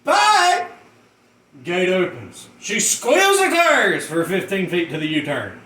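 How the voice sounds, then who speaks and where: A man rants through a comic story, swearing freely and laughing as he goes. His voice is high, bright and very lively in pitch. He sounds roomy and a little distant from the mic, with a faint hiss behind him. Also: takes it slowly. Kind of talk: profane comedic rant.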